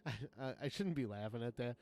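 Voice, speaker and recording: A man's voice: medium pitch, lively intonation, fast talker, a little mellow, soft background music. A man streaming a game live who chats casually, rambling and swearing as he chuckles often, into a desk mic at a home setup.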